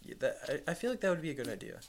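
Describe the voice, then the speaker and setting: A man's voice: a little high, very fast, slight background noise. A young man co-hosting a casual podcast, asking questions and steering the chat toward wrapping up. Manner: lively, questioning, steers the talk. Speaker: podcast co-host.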